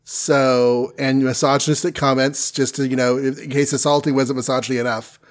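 A man's voice: mid-range voice, flat delivery, fairly quick. A man co-hosting a casual podcast, loosely recapping comic stories with offhand asides. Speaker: podcast co-host reviewing comics. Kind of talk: casual chat.

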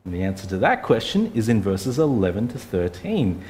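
A man's voice: lowish voice, big pitch swings, moderate pace, a little mellow, slight background noise. A man, preaching an earnest, conversational sermon full of rhetorical questions. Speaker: pastor.

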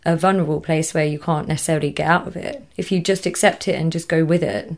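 A woman's voice: deep voice, steady tone, quick pace, gravelly. Young woman, English accent, casual guest chat, laughs often, trails off. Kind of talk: casual conversation.

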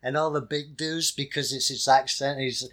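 A man's voice: mid-range voice, steady tone, moderate pace, fairly bright tone. A man with an English accent co-hosting a podcast in casual chat, rambling and playful, often correcting himself. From England. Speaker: podcast co-host.

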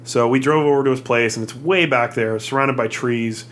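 A man's voice: moderate pace, fairly bright tone, a little hiss or hum. A man hosting a podcast, reading a sponsor spot and chatting in an easygoing way, chuckling along. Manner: easygoing, chuckling, friendly pitchman. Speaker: podcast host. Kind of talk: casual podcast chat with ad read.

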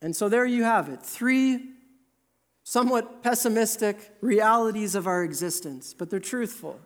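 A man preaching a sermon in an earnest, emphatic way, slowing down to stress key words. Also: high voice, expressive, a bit bright.

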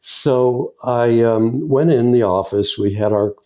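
An older man telling stories as an interview guest, unhurried and chuckling. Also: mid-range voice. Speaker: guest filmmaker and editor. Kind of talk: anecdotal storytelling in an interview. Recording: dull lo-fi sound.

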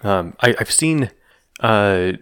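Low-voiced rambling man, casual podcast chat. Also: expressive, takes it slowly, fairly bright tone, smooth. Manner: rambling, trails off and restarts mid-thought. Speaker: podcast co-host. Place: Colorado.

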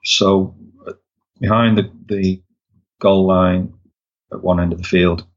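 A man working as a sports mascot, telling wry stories in a casual interview, halting with many restarts. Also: sits low, flat delivery. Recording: dull lo-fi recording.

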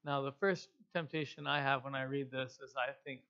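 A man's voice: mid-range voice, steady tone, brisk, bright, forceful tone, smooth, muffled recording. A man preaching a sermon in a casual, conversational way, explaining scripture in plain everyday terms. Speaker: pastor.

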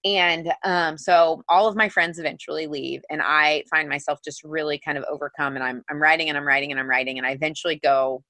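A woman guest on an interview show, recounting a personal story with earnest emotion and plenty of "like"s. Her voice sits a bit low yet sounds bright and forceful. The recording is close and dry. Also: steady tone, fairly quick, few pauses, dry recording. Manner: earnest, emotional, heavy use of "like". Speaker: podcast guest, author.

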